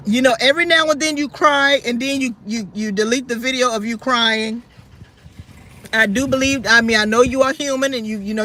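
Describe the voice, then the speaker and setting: A woman's voice: fairly high pitch, pushed and bright. A woman hosting her own channel, giving blunt, sassy commentary and scolding other creators directly. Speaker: YouTube channel host.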